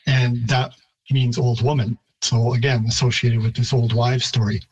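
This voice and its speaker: A man, a linguistics professor, answering radio interview questions in a thoughtful, halting way with many restarts. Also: mid-range voice, flat delivery, a little mellow, husky, low-quality recording.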